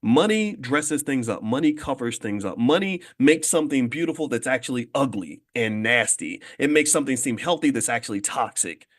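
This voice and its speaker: A man's voice: mid-range voice, animated, moderate pace, few pauses. A man hosting a motivational talk on money and ownership, speaking emphatically with rhetorical questions and repeated phrases, often restarting mid-sentence. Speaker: host and finance educator. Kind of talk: motivational morning talk to an audience.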